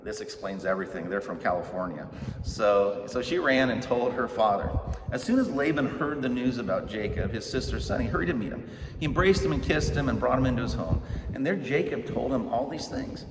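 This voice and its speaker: A middle-aged male pastor tells a scripture story as a casual storytelling sermon, speaking briskly in a medium-pitched voice with an easy, joking, conversational delivery and acting out characters' lines. He's heard from a distance in a church sanctuary with a long echo, over steady background noise.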